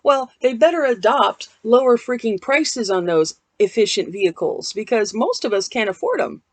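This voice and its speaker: A woman in her forties talks to her viewers in a casual home vlog, recorded on a laptop mic. She rambles in a candid, self-deprecating way, and her voice sits a little high. The sound is dry and close, with no room echo. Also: animated, normal speed. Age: 40s. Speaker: vlogger.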